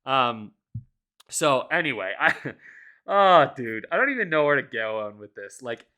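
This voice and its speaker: Bright, lively-voiced podcast co-host ranting. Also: medium pitch, a little slow. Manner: animated, profane ranting with frequent laughs. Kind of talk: casual chat.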